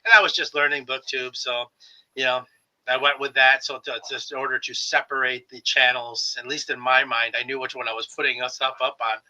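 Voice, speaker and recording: A man hosting a casual book talk over a video call, chatty and quick to laugh. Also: medium pitch, level tone, sharp tone, highs cut off. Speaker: podcast host. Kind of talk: casual chat.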